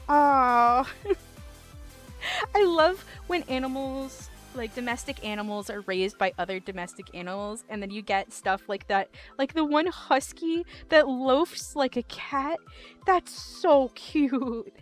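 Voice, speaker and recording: A woman's voice: high voice, measured pace, few pauses, faint music behind. A woman streamer chatting casually with her live chat, rambling and giggling often with lots of "like".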